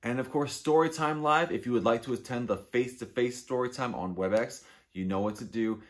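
A man, a children's librarian, reading a picture book aloud to kids in an animated, playful way. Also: mid-range voice, a little fast. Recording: echoey room.

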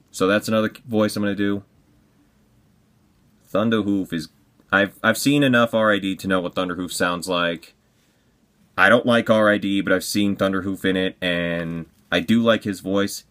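A man at home casually talking through his voice-acting audition, relaxed and rambling, keeping quiet so as not to wake others. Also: low voice, normal speed. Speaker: voice actor auditioning. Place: home at night.

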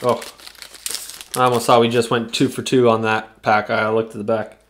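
A man's voice: medium pitch, little pitch movement, normal speed, fairly bright tone. A man hosting a live trading card break, reading out the cards he pulls and whooping at the big hits. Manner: reads player names off cards.

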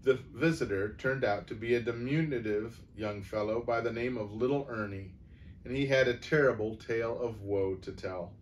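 A man reading a humorous story aloud in an unhurried, wry way, with the odd small stumble. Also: mid-range voice. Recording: voice from far off the mic, faint noise.

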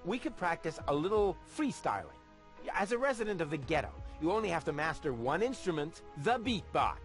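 A man's voice: fairly high pitch, big pitch swings, brisk, soft background music. A man voicing a cocky, sarcastic young male game hero who teases others in a smug way. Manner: smug and sarcastic, teasing, sings a boastful rap. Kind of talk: video game voice acting.

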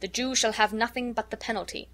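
A woman reading the lines of a young woman posing as a wise counsellor, grave and measured, in a storybook. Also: fairly high pitch, steady tone, fairly bright tone, natural voice.

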